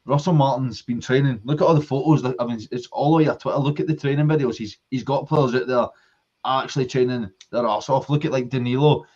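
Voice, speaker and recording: A man's voice: mid-range voice, fairly even intonation, fast talker, darkish tone, highs cut off. A man with a Scottish accent, co-hosting a casual football fan podcast, arguing his point passionately in long runs. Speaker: podcast co-host.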